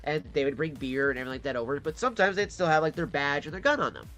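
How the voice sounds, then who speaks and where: A man's voice: fairly high pitch, rapid-fire, pushed and bright, faint music behind. A man from Detroit in a casual storytelling monologue, swearing freely and acting out the voices of the people he quotes. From Detroit, Michigan. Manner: profane, acts out quoted voices. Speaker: vlogger.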